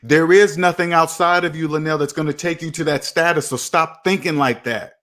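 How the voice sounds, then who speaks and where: Man, 40s, slightly high voice, repetitive motivational finance monologue, preachy. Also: fairly even intonation, normal speed, fairly bright tone. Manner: preachy, repeats himself, talks to himself by name. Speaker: personal finance video host.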